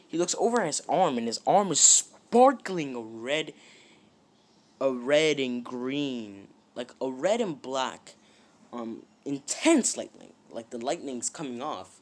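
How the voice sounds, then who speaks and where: A man's voice: medium pitch, expressive, a little slow. A man casually retelling a fan-made story, rambling with many fillers and "he's like" asides.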